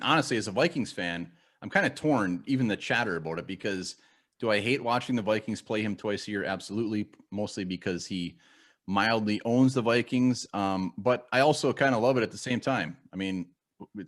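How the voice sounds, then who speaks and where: Lowish voiced guy hosting a podcast, wry and jokey, easygoing chat. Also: a little fast. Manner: wry, joking, conversational. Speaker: podcast host.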